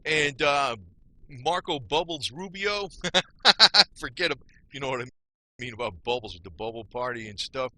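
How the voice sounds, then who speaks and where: A man with a medium-pitched, sharp voice rants at normal speed on his YouTube channel, with no room sound in the recording. Blunt and angry, he repeats himself in casual slang, frequently dropping "man" and "you know."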